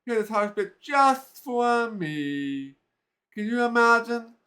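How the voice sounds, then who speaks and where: A man's voice: very high-pitched, big pitch swings, slow, pushed and bright, exaggerated voice. A man reading as a chattering matchmaking woman. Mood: gushing. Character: chattering middle-aged matchmaking woman, endless talker.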